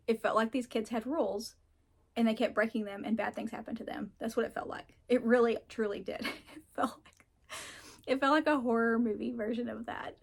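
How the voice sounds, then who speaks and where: A woman reviewing books in casual chat, frank and ranting, laughing often and swearing now and then. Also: a little high. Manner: animated, mocks characters in put-on voices. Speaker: book reviewer.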